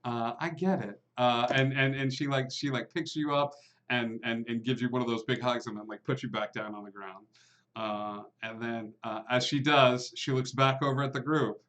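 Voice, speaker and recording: A man of mid pitch narrates a tabletop game as game master. He talks in halting stretches full of "uh" and "like". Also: steady tone, a bit bright. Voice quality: hesitant, full of fillers.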